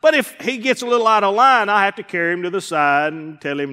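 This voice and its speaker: A man preaching as a pastor, who acts out the people he quotes and swings between loud and hushed delivery. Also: sits high, fairly even intonation, fast talker, hardly any pauses, clean tone, long reverb tail. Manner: preacher acting out quoted voices, rising and dropping in volume. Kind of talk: sermon. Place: church sanctuary.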